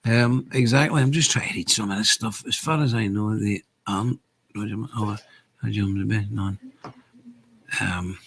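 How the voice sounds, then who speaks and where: Older man with a husky voice. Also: on the low side, fairly even intonation, normal speed, a bit bright. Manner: rambling, emphatic, reads viewer comments aloud. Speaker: show host. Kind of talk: casual political commentary livestream.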